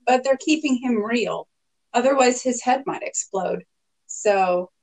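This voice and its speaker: Woman, higher voice, playful, teasing, casual chat. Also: unhurried, darkish tone, rough recording.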